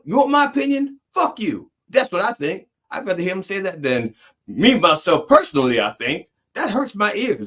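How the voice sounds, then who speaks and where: A middle-aged man delivering a rambling, profane mock sermon as a comedic preacher host. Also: sits high.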